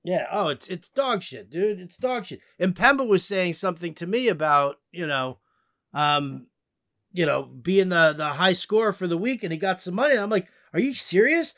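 A man's voice: high voice, expressive, moderate pace, a bit bright. A man hosting a podcast in casual chat, loose and profane, trailing off and repeating himself. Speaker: podcast host.

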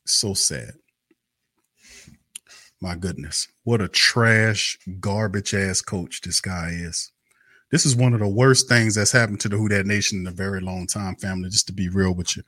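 A man's voice: low-pitched, normal speed, pushed and bright, no room sound, clean studio sound. A man hosting a fan live stream, ranting in a heated, repetitive, cursing and scornful way. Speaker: sports fan show host. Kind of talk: angry live-stream rant.

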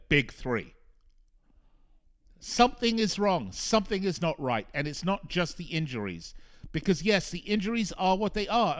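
A man hosts a soccer radio show, ranting in a frustrated, emphatic monologue. His voice sits notably high for a man. He drives each point home by repeating phrases. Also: fairly bright tone. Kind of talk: opinionated sports talk monologue.

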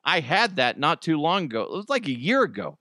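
A man from the United States hosting a casual news commentary podcast, animated and swearing freely, laughing often. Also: fairly high pitch, fairly quick, no echo, clean studio sound. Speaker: podcast host.

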